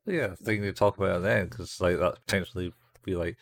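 A man co-hosting a podcast in casual banter, dropping quick joking interjections and wry quips. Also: low voice, no echo, clean studio sound. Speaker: podcast co-host.

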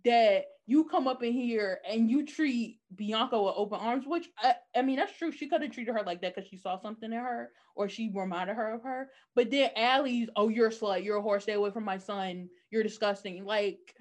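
A woman's voice: on the high side, moderate pace, hardly any pauses. A woman in casual chat, animatedly retelling a TV episode and acting out the characters' lines. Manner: animated storytelling, acting out quotes in different voices. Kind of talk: casual chat recapping a TV show.

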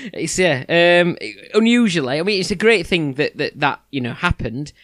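A man's voice: a little high, animated, normal speed, fairly bright tone, no room sound, clean studio sound. A man co-hosting a casual news chat, hesitant with many restarts. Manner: hesitant, lots of restarts and fillers. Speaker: podcast co-host.

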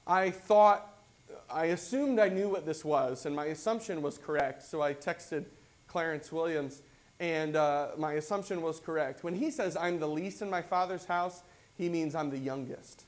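High-voiced pastor preaching casually. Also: male voice, normal speed. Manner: conversational preaching, reads scripture then explains it; acts out quoted voices with rising excitement. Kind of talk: sermon.

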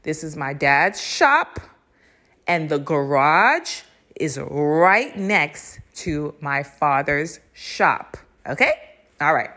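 A young woman hosting a podcast, telling a story in a casual, animated way, cursing freely and laughing between lines. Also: low-pitched, slow pace. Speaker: podcast host.

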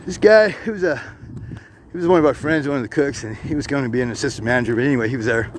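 A middle-aged man telling stories in casual, profane, animated speech as a podcast host. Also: mid-range voice, very fast, slight background noise. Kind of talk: casual storytelling. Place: outdoors on a hilltop.

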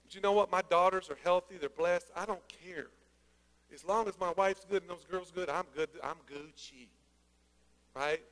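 A man preaching a sermon, energetic and conversational, with joking asides. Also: high voice, fairly quick. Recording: long hall reverb.

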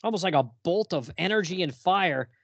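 A man's voice: high voice, animated, a little fast, gravelly, fairly bright tone, no echo, highs cut off. A man co-hosting a comic book podcast, casually walking through the pages panel by panel and chuckling as he goes. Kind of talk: casual chat.

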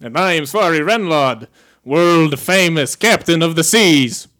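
Casting: a man playing a vain captain of the seas, lofty, formal, drawn-out. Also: on the high side, animated, a bit bright, pitched above the performer's own voice. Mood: haughty. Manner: haughty, formal speech. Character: pompous male sea captain.

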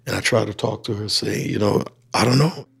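A man's voice: on the low side, a little fast, gravelly, breathy edge. A middle-aged man from Liberia with a Liberian accent, telling his life story and acting out the dialogue he quotes. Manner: animated storyteller who acts out quoted dialogue. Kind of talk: personal storytelling. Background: faint music.

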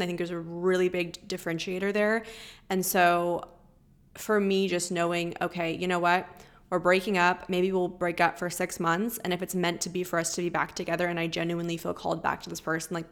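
A young woman hosting a podcast, sharing personal advice in an earnest, chatty monologue. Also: lowish voice. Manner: earnest, emphatic, chatty with many fillers. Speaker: podcast host.

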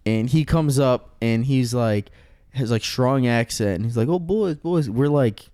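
Rambling young man, mellow smooth voice. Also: mid-range voice, unhurried, dry recording, clean studio sound. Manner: rambling, heavy on fillers and swearing. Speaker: storyteller. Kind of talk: casual podcast chat.

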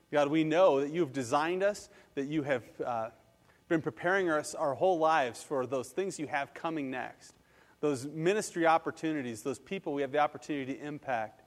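A male pastor giving a lively sermon, acting out quotes and then leading a prayer. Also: fairly high pitch, normal speed, in a large hall. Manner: animated, acts out quotes and leads prayer.

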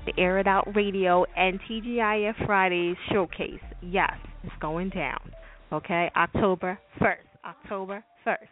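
A woman's voice: steady tone, a little slow. A woman hosting a call-in radio show, talking in a blunt, profane, chatty way. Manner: acts out voices in high squeaky tones. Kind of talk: casual call-in radio talk. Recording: tinny phone-line sound with music behind.

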